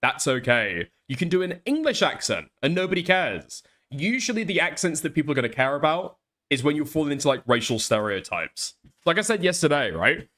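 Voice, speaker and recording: Sweary dude ranting, slightly high voice, super lively pitch. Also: male voice. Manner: heavy swearing, animated ranting. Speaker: co-host. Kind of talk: casual opinionated chat.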